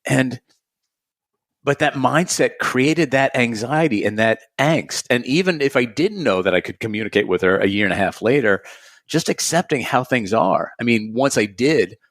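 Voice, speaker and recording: A man who teaches meditation, speaking as a guest on a podcast, earnest and reflective and quick to laugh. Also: mid-range voice, lively intonation, a bit bright, dry recording, clean studio sound. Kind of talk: conversational podcast interview.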